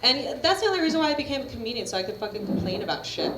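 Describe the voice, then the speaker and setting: A woman's voice: a little high, big pitch swings, very fast, background noise. Brash profane woman doing stand-up. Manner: brash, profane, chatty, laughing at own jokes. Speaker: stand-up comedian. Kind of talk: stand-up comedy set. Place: comedy venue at a coffee shop. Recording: roomy live stage recording with crowd. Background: audience laughter.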